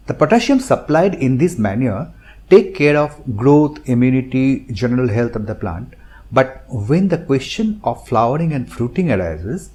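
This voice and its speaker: Lively methodical man with Indian English accent. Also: medium pitch. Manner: methodical, explanatory, lists points one by one. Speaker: gardening channel host. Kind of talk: instructional narration.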